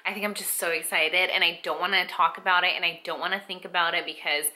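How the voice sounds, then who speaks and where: Young female vlogger, very bright voice, chatty and rambling, emotional and teary throughout. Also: lowish voice, fairly even intonation, quick pace. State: tearful. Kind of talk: casual pregnancy update vlog.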